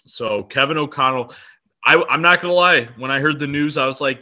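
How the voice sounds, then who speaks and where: Bright-voiced man chatting on a podcast. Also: mid-range voice, fairly quick. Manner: enthusiastic, rambling with fillers. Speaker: podcast co-host. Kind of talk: casual sports podcast chat.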